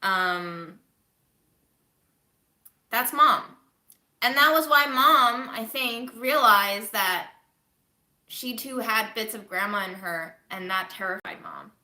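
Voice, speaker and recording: Slow-talking bright young woman livestreaming. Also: a little high, echoey room. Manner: chatty, candid, swears casually. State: recovering from covid. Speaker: livestreaming vlogger. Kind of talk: casual livestream chat to viewers.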